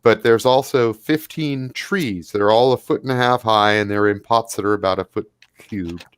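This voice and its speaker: A man narrating a tabletop game as game master, animated and quick to put on voices for the creatures. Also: on the low side, clear, resonant tone.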